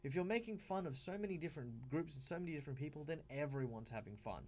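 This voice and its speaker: An Australian man hosts a casual advice talk about running tabletop games, his voice sitting a little high for a man. He speaks emphatically and animatedly, full of fillers, self-corrections and restarts. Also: expressive, fast talker, darkish tone. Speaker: tabletop game advice host.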